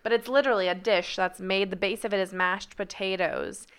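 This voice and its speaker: A young woman from Arizona talking as a podcast guest in a casual, animated way, full of "like" and "dude". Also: medium pitch, a little fast, clear, resonant tone. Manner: animated, chatty, heavy on "like" and "dude".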